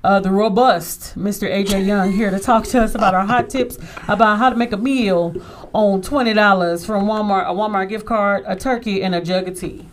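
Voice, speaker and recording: A woman's voice: medium pitch, fairly even intonation, normal speed, a little hiss or hum. A woman hosting a talk show, upbeat and emphatic, with casual slang. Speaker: host. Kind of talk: lively radio show hosting.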